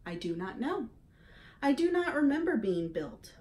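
A woman voicing a patient female robot mother who speaks in an even, measured way, reading a storybook aloud. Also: high-pitched, voice pushed up. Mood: calm.

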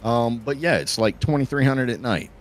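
A man's voice: mid-range voice, lively intonation, moderate pace. A man talking with friends during a game stream, hesitant and stammering. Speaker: co-player. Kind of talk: casual gaming chat.

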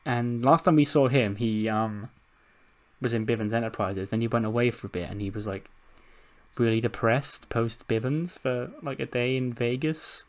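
A man narrates a game with casual, fast storytelling. He swears freely and laughs along. His voice sits at a middling pitch. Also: steady tone. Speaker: gaming channel host. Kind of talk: casual let's-play narration.

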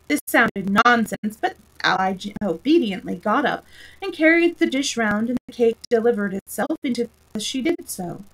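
A woman storyteller reads a classic children's book aloud. Her voice sits a little high, and she reads in a lively, expressive way. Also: normal speed, low-quality recording.

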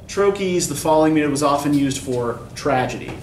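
A man's voice teaches a poetry class in a plain explanatory lecture, pausing often to ask "right?". He sits slightly high in pitch. The recording picks him up from a distance in a roomy, echoing classroom with faint background noise. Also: expressive. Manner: explanatory, keeps asking "right?". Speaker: English instructor. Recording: echoey classroom recorded from afar.

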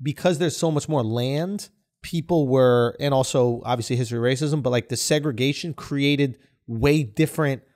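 A man in his thirties from New York co-hosting a podcast, riffing and joking in an animated way. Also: mid-range voice, moderate pace. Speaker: podcast co-host. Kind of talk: casual chat.

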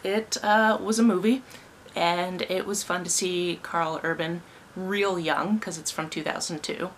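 A woman's voice: lowish voice, steady tone, unhurried, a little hiss or hum. A young woman from Canada casually recapping movies and books, with wry asides. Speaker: book and film vlogger.

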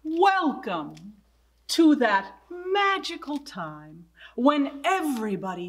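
Woman, children's librarian, picture-book read-aloud, playful animal sounds, high voice, unhurried. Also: sing-song.

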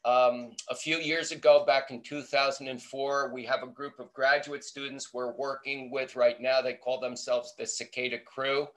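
A man's voice: medium pitch, flat delivery, moderate pace, few pauses, fairly bright tone. A middle-aged American man, an entomology professor, telling a playful story in a webinar talk. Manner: storytelling, acting out quoted voices, playful. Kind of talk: lively anecdotal talk.

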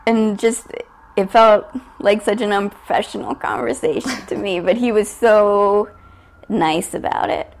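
A woman's voice: mid-range voice, unhurried. A woman in her thirties, a podcast guest and storyteller, telling a personal story in candid, conversational style and laughing often. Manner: laughs often while telling, animated quoted asides.

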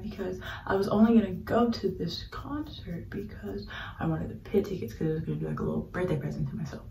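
A woman's voice: fairly low pitch, brisk, creaky, warm tone, slight background noise. A young woman vlogging while getting ready, gushing and chatty, full of slang and fillers, sometimes dropping to a whisper. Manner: drops to a whisper while doing makeup. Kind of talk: casual get-ready-with-me vlog. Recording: roomy, slightly distant home recording.

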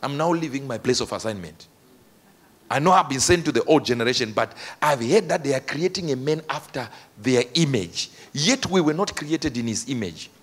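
A preacher acting out a proud, scheming fallen angel who insists on his rebellion in a lowered voice. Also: lively intonation, moderate pace, husky.

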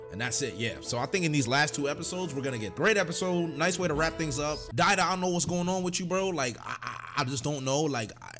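Excitable man reacting live to anime. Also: mid-range voice. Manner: excitable, shouting and laughing, slangy. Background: music from the show he is watching.

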